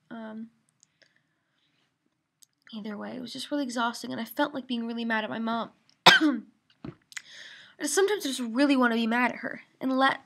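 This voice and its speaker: A teenage girl records a casual video diary, her voice sitting a little high. She rambles and vents, leaning on ums, uhs and likes as she talks it through. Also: creaky, a bit bright. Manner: rambling and venting, full of fillers. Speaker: video diarist. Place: her mother's office.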